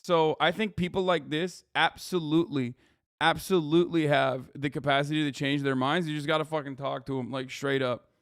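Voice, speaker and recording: A male streamer talking casually and profanely, breaking into laughs and filler words as he reacts. His voice sits a bit above average pitch, and it is recorded close and dry with no room sound. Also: fairly even intonation, moderate pace, a bit bright, clear, resonant tone, no echo. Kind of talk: casual live-stream commentary.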